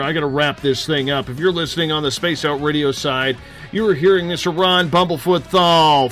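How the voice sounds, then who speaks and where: A man hosting a radio talk show. He speaks in a brisk, announcer-like way as he reads questions and wraps up the show. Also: on the high side, a bit bright.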